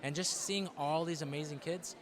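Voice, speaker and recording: A man who mentors youth, speaking lively and acting out his students' voices. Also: on the high side, moderate pace, a crowd in the background. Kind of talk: interview answer.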